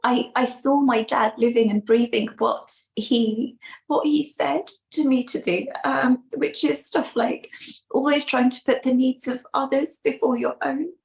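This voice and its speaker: A woman's voice: high-pitched, fairly even intonation, measured pace, gravelly. A woman speaking as a panelist in a livestream discussion, reflective and hedging with fillers.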